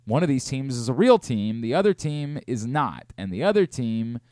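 A man hosting a sports talk radio show, ranting in an animated, exasperated way from a studio. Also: medium pitch, clear, resonant tone, dry recording.

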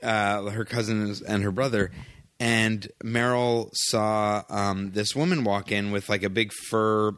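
A man's voice: lowish voice, fairly even intonation, slow pace, a bit bright, smooth, dry recording. A man in his thirties hosting a casual podcast chat, telling a story and laughing often. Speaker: podcast host.

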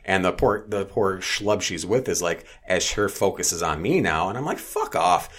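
A man telling a story in casual chat, blunt, profane and animated. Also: low-pitched, normal speed, breathy edge.

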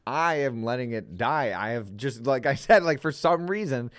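A man's voice: mid-range voice, lively intonation, normal speed, no echo, studio quality. A man co-hosting a podcast in casual chat, rambling and trailing off, swearing and laughing.

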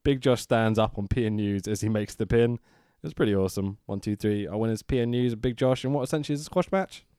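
A man's voice: lowish voice, fast, dark tone, clear, resonant tone, no echo, studio quality. A man hosting a podcast, chatting and laughing with friends, swearing freely. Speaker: podcast host. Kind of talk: casual chat about wrestling.

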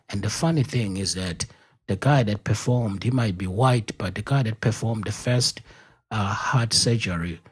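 A South African man with a Zulu first language, hosting a casual interview as a rambling storyteller who laughs easily and fills pauses with lots of "uh"s. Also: on the low side, slightly rough. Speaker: podcast host.

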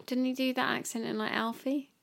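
A woman's voice: high voice, level tone, a little fast, vocal fry. A British woman co-hosting a podcast who chats casually and teases her co-host with jokes. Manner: teasing, joking interjections. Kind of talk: casual chat.

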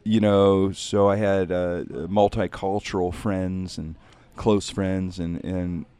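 A man's voice: deep voice, flat delivery, slow pace, warm tone, smooth, dry recording. A man, a comedian, talking in a casual interview, rambling and reflective, often saying "man.".

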